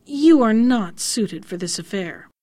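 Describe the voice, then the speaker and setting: The sun speaks as a grave male ruler in a storybook, read by a woman. The voice is high and the sound dry and close. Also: expressive, unhurried, dark tone, dry recording. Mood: stern.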